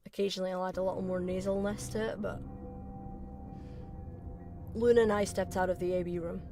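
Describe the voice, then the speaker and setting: A woman's voice: fairly low pitch, steady tone, fairly quick, over loud music. A young woman streamer who reads game text aloud in a let's play, breaking off often for chatty, self-deprecating asides.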